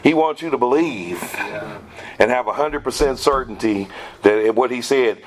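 A man's voice: medium pitch, normal speed, crowd noise, rough recording. A man leading a Bible study, explaining scripture, quoting verses and putting questions to the group.

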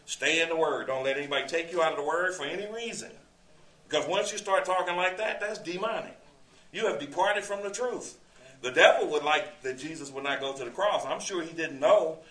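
A man's voice: fairly high pitch, brisk, fairly bright tone. Echoey, distant male preacher. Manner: conversational, rhetorical questions, quotes scripture. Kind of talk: sermon, verse-by-verse Bible teaching. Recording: echoey room, distant mic.

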